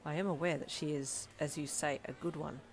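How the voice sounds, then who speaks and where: A woman's voice: low voice, steady tone, brisk. A woman reading a fanfiction audiobook, voicing a stiff, earnest young man who speaks in precise, formal phrases without contractions. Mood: earnest, dejected.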